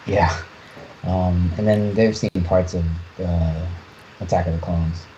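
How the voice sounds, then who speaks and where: Low, dark-voiced man, halting chat. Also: steady tone. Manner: halting, many restarts and fillers. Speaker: podcast co-host. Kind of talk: casual chat. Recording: muffled lo-fi audio with faint noise.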